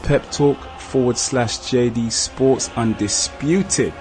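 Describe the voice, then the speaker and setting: A man hosting a sports podcast, casual and upbeat, with shouted hype intros. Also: mid-range voice, slow pace, faint music behind. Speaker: podcast host.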